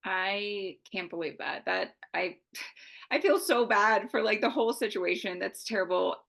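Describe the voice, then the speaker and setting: Woman host, gravelly, sympathetic, curious, casual. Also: medium pitch, unhurried, a bit bright. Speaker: podcast host. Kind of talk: casual interview.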